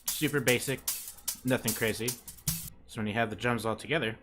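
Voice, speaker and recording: A young man hosting a casual music production tutorial, swearing freely and counting beats out loud. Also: medium pitch, brisk. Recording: music playing underneath. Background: music playing.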